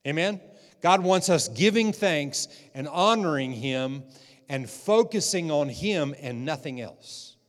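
A man's voice: a little high, animated, slow. A man preaching a sermon as pastor, repeating phrases and calling out for amens. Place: church sanctuary. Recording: long hall reverb.

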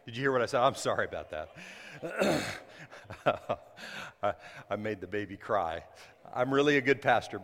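A male pastor preaching a sermon during a church service. He talks conversationally, breaks into sudden loud bursts, and adds apologetic asides. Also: medium pitch, big pitch swings, measured pace, long pauses, long reverb tail.

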